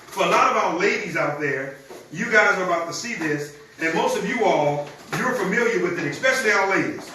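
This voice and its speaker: High bright man in an echoey room. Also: fairly quick. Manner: energetic and conversational, talks straight to the audience. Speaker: presenter of a product demonstration. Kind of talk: live-streamed sales pitch. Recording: very echoey room, distant mic, faint noise.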